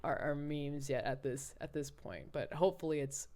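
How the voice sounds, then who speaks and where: A woman co-hosting a podcast, telling candid, profane stories in casual chat with animated swings. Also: low voice, moderate pace. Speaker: podcast co-host.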